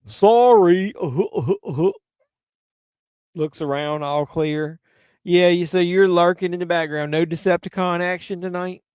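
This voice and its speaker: During a live movie watch-along, a tipsy male host rambles, curses casually, and answers his chat at a normal speed. His voice is a little high, smooth and resonant, with a level tone. The recording is close and dry, free of room echo.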